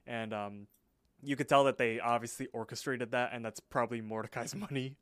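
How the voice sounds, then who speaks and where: A man's voice: medium pitch, steady tone, a bit bright, no room sound. A young man co-hosting a podcast, casually recapping a cartoon episode and briefly voicing its characters as he goes. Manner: retells scenes, voicing characters in quick impressions. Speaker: podcast co-host.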